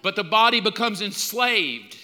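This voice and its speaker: A man in his fifties preaching a sermon, telling stories with animated, mock-outraged outbursts. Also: high-pitched, moderate pace, big-room sound. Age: 50s. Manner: animated storytelling, jumps up loud in mock outrage. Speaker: pastor.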